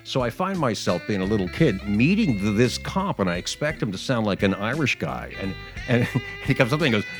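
A man's voice: mid-range voice, sing-song, fairly quick, over music. A man hosting a casual talk show, telling digressive stories with frequent restarts and chuckles. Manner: chatty, digressive storyteller with frequent restarts and laughs. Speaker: radio or podcast host.

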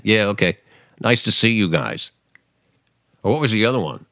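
A man's voice: on the low side, animated, moderate pace, long pauses, fairly bright tone, no echo, studio quality. A man hosting a political commentary show, talking casually and sarcastically, often mocking other people's voices.

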